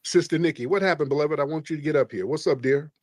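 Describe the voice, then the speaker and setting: A man's voice: a little high, quick pace, no room sound. A man hosting a call-in livestream, preachy and emphatic, repeating his points. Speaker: livestream host. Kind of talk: combative call-in livestream talk.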